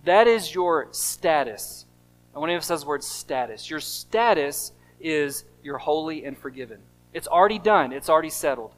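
An American pastor delivers a sermon in a slightly higher than usual male voice. He drives points home by repeating short phrases, rising in volume on the stresses. He drops to a hush for the asides. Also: poor audio. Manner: emphatic, repeats key phrases, swings between loud stresses and quiet drops.

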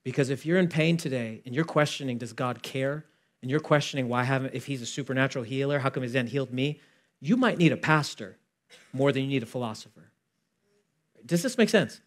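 A man preaching a sermon as pastor, conversational and animated, acting out both sides of a dialogue and swinging from loud emphasis to hushed asides. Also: medium pitch, fairly quick.

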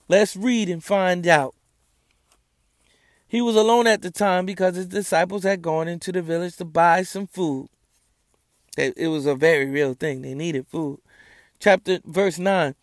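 A man's voice: high voice, moderate pace, no room sound, studio quality. A man hosting his own Bible study show, reading scripture and preaching with passion and sarcasm.

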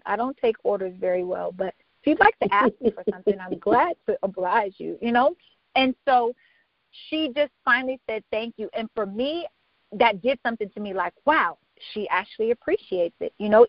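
A woman's voice: mid-range voice, dry recording. A woman guest talking earnestly on a podcast, her voice dry and close with no room sound. The audio is a bit dull and muffled. She tells her story in a casual, heartfelt way. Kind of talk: casual interview chat.

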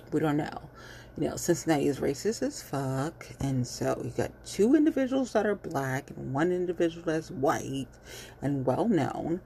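A woman's voice: sits low, a little mellow, a little hiss or hum. A woman ranting bluntly and heatedly in casual commentary, cursing freely and repeating herself with lots of fillers. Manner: fillers and repetitions. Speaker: vlogger.

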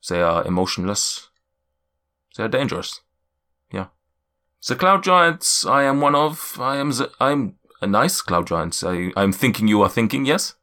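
A man voicing a kindly, worried male cloud giant in a put-on German accent, speaking slowly in drawn-out, solemn pronouncements. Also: mid-range voice, big pitch swings, pushed and bright. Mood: explaining. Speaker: game master.

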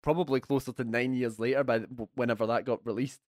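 A man's voice: medium pitch, steady tone, fast talker, darkish tone, no echo. A young Scottish man talks in a loose, chatty way, filling his speech with "like" and laughing often. His voice sits mid-range, recorded dry and close. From Kilmarnock, Scotland. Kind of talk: casual chat.

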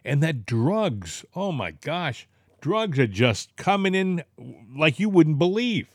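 A man's voice: fairly high pitch, big pitch swings, slow pace, no room sound, clean studio sound. A man with a Boston accent hosting a political talk show, rambling and indignant with plenty of filler words. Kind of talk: casual political chat.

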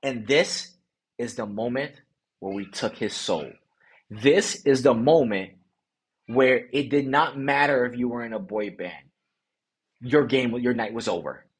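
Male podcast host, husky voice, animated casual storyteller, slangy. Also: medium pitch, slow pace, long pauses. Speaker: podcast host, dating coach.

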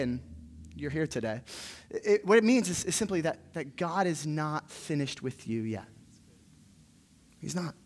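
Male pastor, slightly high-pitched, conversational sermon delivery, restarts and repeats words while thinking aloud.

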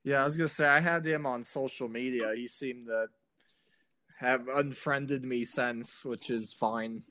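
A man hosting a podcast in casual chat, agreeable and quick to laugh loudly. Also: mid-range voice, steady tone, dry recording. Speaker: podcast host.

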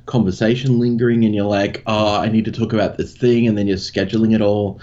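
A man's voice: fairly low pitch, flat delivery, a little fast, warm tone, muffled recording. An Australian man, a content creator guest, chatting casually on a podcast. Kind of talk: casual interview chat.

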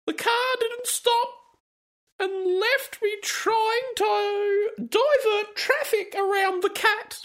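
A man putting on a shrill falsetto voice as an overwrought, sentimental woman posting online, reading her posts mockingly. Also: drawn-out words, a bit bright, exaggerated voice. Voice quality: high falsetto.

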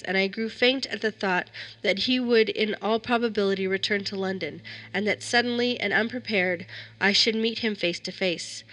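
A woman narrating a dark tale in a steady, measured way. Her voice is bright and clear, pitched in the middle range. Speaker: story reader. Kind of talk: scripted narration of a horror story.

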